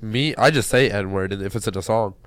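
A man's voice: on the low side, normal speed, clean tone, no room sound, studio quality. A young man chatting casually with friends, cutting in with short firm replies. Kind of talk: casual chat.

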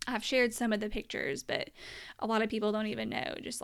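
A woman's voice: fairly high pitch, little pitch movement, a little fast, creaky, smooth. A young woman telling her personal story as a mother in an earnest, emotional monologue, at times close to tears.

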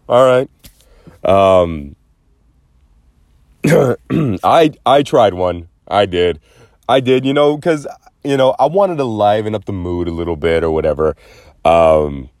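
A man's voice: deep voice, a little mellow, no room sound, clean studio sound. A man hosting a solo commentary show, rambling and sarcastic, putting on mocking voices to quote people. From Los Angeles area. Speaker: podcast host.

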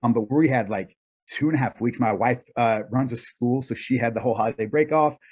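In a casual interview captured with dull, lo-fi sound, a middle-aged guest responds thoughtfully and laughs a lot. His mid-range voice is husky and darkish, and he talks fairly quickly.

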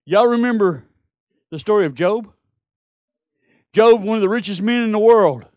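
A man's voice: high-pitched, normal speed, darkish tone, dry recording, muffled recording. A middle-aged man, preaching a sermon and telling Bible stories with rising, emphatic peaks. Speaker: pastor.

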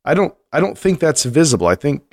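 A man co-hosting a podcast in casual chat, animated and rambling, laughing often and restarting his sentences. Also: a little high, a little fast. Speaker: podcast co-host.

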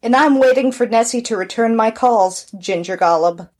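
A woman's voice: on the high side, normal speed, darkish tone. A woman co-hosting a podcast, chatting casually with dry, wry quips. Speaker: podcast co-host.

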